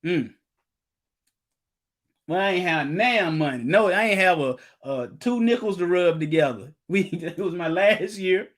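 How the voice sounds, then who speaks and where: High-voiced casual preacher man. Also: animated, measured pace. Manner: casual, storytelling, breaks into loud emphatic outbursts. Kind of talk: informal teaching, reading quotes aloud.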